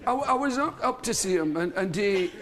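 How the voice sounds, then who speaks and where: A man's voice: sits high, expressive, normal speed, fairly bright tone. A Scottish man, a chat-show guest, telling a long rambling anecdote and laughing through it. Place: television studio.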